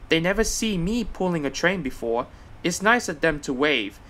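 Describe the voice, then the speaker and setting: A man's voice: fairly high pitch, moderate pace. A man voicing an impatient, boastful young male tank engine in a storybook reading. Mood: proud. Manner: excitable, proud and cross by turns. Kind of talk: storybook voice acting.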